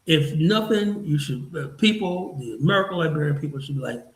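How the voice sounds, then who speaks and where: A man's voice: a little high, expressive, fairly quick, echoey room, rough recording. A man hosting a podcast, talking bluntly and profanely in a heated casual discussion. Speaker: podcast host.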